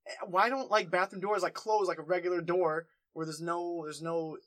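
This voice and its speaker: A man's voice: high-pitched, steady tone, moderate pace, fairly bright tone. A man co-hosting a casual comedy podcast, rambling through his thoughts with many restarts. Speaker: podcast co-host.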